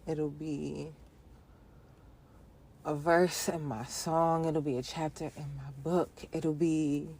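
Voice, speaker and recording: A woman's voice: deep voice, little pitch movement, slow pace, pauses often, darkish tone, breathy edge. A woman hosting her own podcast in a playful, rhythmic solo monologue, with casual slang and frequent laughter. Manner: casual, conversational phrasing with slang. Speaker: podcast host.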